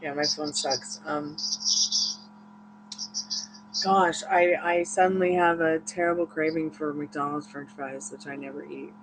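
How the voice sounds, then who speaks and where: With music behind her and poor audio, a tired woman hosts a tarot livestream and reads tarot. Her low voice holds a steady tone, a little slow with frequent pauses, as she rambles candidly through a long personal story in casual chat, laughing often.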